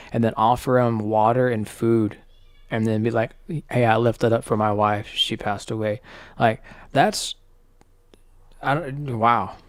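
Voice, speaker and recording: Man, low voice, dry close sound, hesitant reaction commentary. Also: clean tone, no echo. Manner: reflective, hesitant, many fillers. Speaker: streamer reacting to a video.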